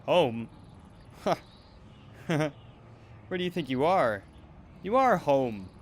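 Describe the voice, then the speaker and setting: A man's voice: fairly high pitch, very animated, slow pace, voice pushed up. Guy voicing a nasty manager type from a game, berating, menacing, bit of background hum. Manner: berating, menacing, then wheedling. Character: abusive middle-aged male talent manager, bullying.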